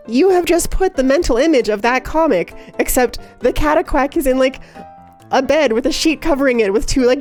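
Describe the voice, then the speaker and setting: A young woman livestreamer in casual chat, giggly and excitable, rambling chaotically to her viewers. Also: high-pitched. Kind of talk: casual live-stream chat.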